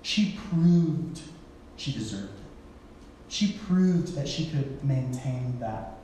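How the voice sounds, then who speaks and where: A man's voice: mid-range voice, animated, takes it slowly, mellow, a little hiss or hum. A man giving a sermon in a casual storytelling way, acting out the people he quotes in playful voices. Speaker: pastor. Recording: echoey hall, from far off.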